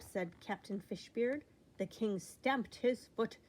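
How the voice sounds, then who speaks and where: A woman reading a children's storybook aloud with expressive delivery. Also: a little high, slow, poor audio. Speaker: storybook reader.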